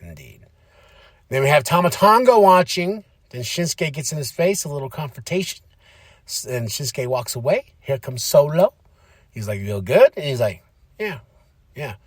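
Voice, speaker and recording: A man's voice: on the high side, normal speed, no room sound. Chatty man recapping wrestling, dry mic. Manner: animated, slips into playful impressions and sing-song bits. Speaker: podcast host. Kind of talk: casual wrestling show recap.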